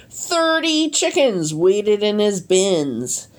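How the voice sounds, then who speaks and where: A woman reading a children's storybook aloud, animated and deliberate. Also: on the low side, creaky. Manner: animated, slow and deliberate, leaning into sound effects. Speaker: storybook reader. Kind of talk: expressive read-aloud storytelling.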